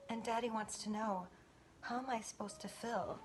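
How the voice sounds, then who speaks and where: A woman performing a comic monologue in a breathy, mock-seductive whisper, swearing often. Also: mid-range voice, little pitch movement, normal speed, music in the background. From United States. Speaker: comedic performer.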